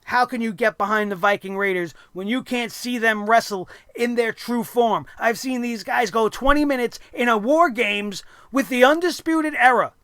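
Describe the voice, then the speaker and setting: A man's voice: very high-pitched, normal speed, few pauses, bright, forceful tone, clean tone, no room sound, studio quality. A man hosting a wrestling review show, ranting bluntly and sarcastically with plenty of swearing.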